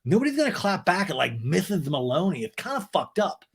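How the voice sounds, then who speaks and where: Snippy defensive guy, man putting him on, raised pitch, lively. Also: a little fast, vocal fry, husky, heavily acted. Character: defensive man in a reality show.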